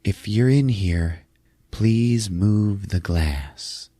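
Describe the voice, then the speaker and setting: A man's voice: lowish voice, very slow, mellow, no room sound, clean studio sound. A man voicing a desperate, grieving mother who pleads and shrieks at her family. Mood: pleading.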